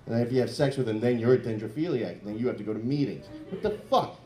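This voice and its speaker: A man doing a crude, rambling stand-up comedy set in a comedy club, breaking into loud mock voices. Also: mid-range voice, fast talker, soft background music. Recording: echoey club room.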